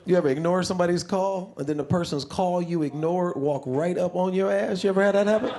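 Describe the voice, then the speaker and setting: A man doing stand-up on a comedy stage with a handheld mic, animated and shouting his punchlines. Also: high voice, fast, background noise. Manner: animated, shouting punchlines, acting out quoted voices. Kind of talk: stand-up routine.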